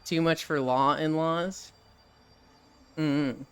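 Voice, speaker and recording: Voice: mid-range voice, fairly even intonation, slow pace, smooth, faint music behind. A live streamer in casual chat who rambles, swears freely, laughs often and answers chat as they go.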